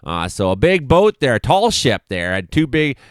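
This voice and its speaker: A man's voice: medium pitch, very animated, moderate pace, no echo, clean studio sound. A man in his forties, hosting an irreverent comedic news commentary with chuckles and swearing. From Canada. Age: 40s. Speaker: host.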